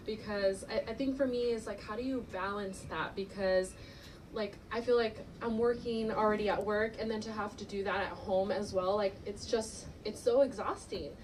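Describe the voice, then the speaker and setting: A woman in a live audience asks a long question, hesitant and full of fillers. She is heard from a distance, with a faint hiss behind her. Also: mid-range voice. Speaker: audience member asking a question.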